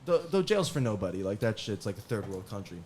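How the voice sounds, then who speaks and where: A man telling casual stories on a podcast, animated and often laughing as he acts out what others said. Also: on the low side, a little fast, slight background noise. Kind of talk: casual storytelling.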